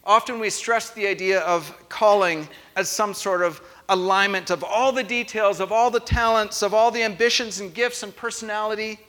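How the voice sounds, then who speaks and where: A man's voice: high-pitched, pushed and bright. A young adult man preaching a conversational sermon, playful and chatty as he teases the congregation. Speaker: pastor. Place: church sanctuary. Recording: long hall reverb of a church.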